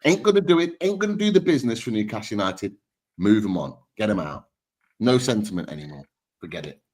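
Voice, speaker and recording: A man's voice: lowish voice, big pitch swings, quick pace, darkish tone. A man on a fan panel, ranting bluntly and heatedly about his team's players. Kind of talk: heated football fan chat.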